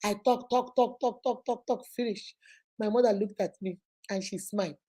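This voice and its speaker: High-voiced Nigerian woman telling stories. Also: normal speed. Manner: animated, acts out quoted family members; drops Igbo words into speech. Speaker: motivational vlogger. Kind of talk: personal storytelling monologue.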